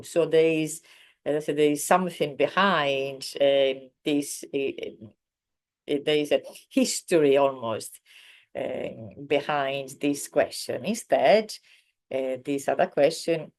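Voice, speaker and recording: Low-voiced woman teaching language. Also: a little mellow. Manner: explains slowly with many fillers, acts out example sentences. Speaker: Italian teacher. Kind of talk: online language lesson.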